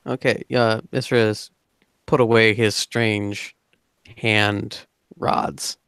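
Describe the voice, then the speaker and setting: A man narrating as game master of a tabletop game in a relaxed, casual way. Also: lowish voice, slow pace, vocal fry, clear, resonant tone, no room sound, studio quality. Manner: relaxed, casual descriptions with fillers.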